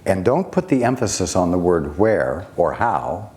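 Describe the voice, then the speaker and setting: A man giving a spiritual teaching talk, speaking deliberately with long pauses and rhetorical questions. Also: low voice, animated, a little mellow, slight background noise.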